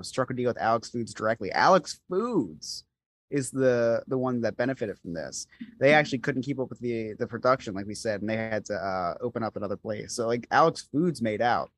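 A man's voice: medium pitch, no room sound. A man co-hosting a casual podcast, explaining a story with many restarts and repeated words. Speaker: podcast co-host. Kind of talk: casual chat.

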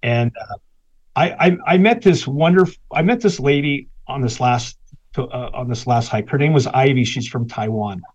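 A man's voice: mid-range voice, lively intonation, normal speed, highs cut off. A man, a guest author, animatedly telling a personal story in conversation, laughing between lines.

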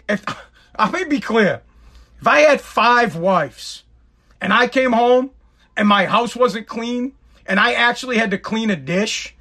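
Podcast guy ranting at home, kinda high voice, mocking and fed up, keeps laughing at his own bits. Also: a bit bright. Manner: exasperated, mocking, breaks into laughter. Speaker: podcast host. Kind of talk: comedic podcast rant.

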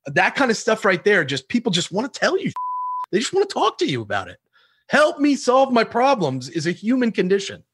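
A man sharing cold-calling tactics in an interview, animated, laughing often and acting out both sides of phone calls. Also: sits high, fairly quick, slight background noise. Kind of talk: energetic sales talk with acted-out call examples.

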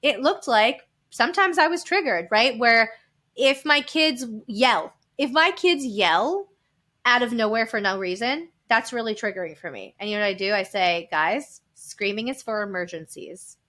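A woman's voice: mid-range voice, moderate pace, hardly any pauses, bright, forceful tone. A woman in her thirties, a podcast guest, talking openly and with animation, often laughing. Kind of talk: candid personal storytelling.

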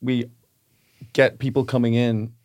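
A man's voice: mid-range voice, level tone, measured pace, a little mellow, dry recording, studio quality. A man co-hosting a podcast, chatting casually in a rambling, hesitant, playful way. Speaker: podcast co-host. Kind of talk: casual chat.

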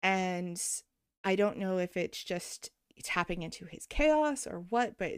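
Smooth-voiced woman podcast host. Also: lowish voice, takes it slowly, no room sound, studio quality. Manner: animated storyteller, laughs often. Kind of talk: casual podcast chat.

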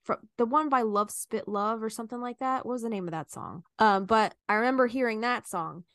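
Bright-voiced woman podcast co-host, dry mic. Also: on the high side, fairly quick, no echo. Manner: nostalgic, storytelling, laughs easily. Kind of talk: casual chat.

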